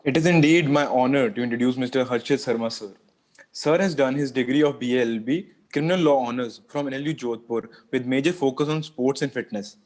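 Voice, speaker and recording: A man's voice: mid-range voice, brisk, darkish tone, rough recording. A man from India giving a formal, respectful introduction of a guest.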